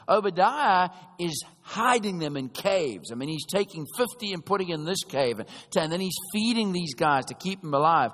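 Male preacher, sermon, animated storytelling, high voice, long hall reverb. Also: moderate pace, hardly any pauses. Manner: conversational, animated storytelling with frequent checks on the listeners.

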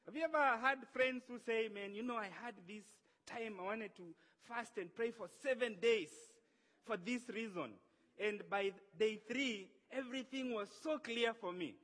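A man preaching a sermon in a conversational, animated way, acting out the voices he quotes. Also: extremely high pitch, normal speed. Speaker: pastor. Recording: long hall reverb.

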